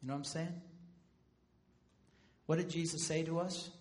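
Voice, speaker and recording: High-voiced male pastor preaching. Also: moderate pace, slight background noise. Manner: animated storytelling with humor. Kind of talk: sermon.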